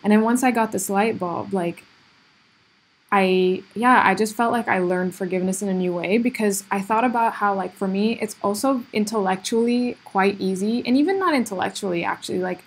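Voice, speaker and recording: Solo podcast host, woman, earnest and reflective, breathy tone, filler-heavy delivery. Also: mid-range voice. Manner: heavy use of "like" and "you know" fillers, earnest, self-reflective.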